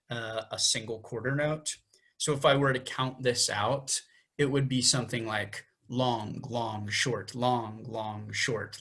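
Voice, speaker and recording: A man's voice: medium pitch, bright, forceful tone. A young man co-hosting a podcast, explaining music theory step by step and counting beats aloud. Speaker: podcast co-host.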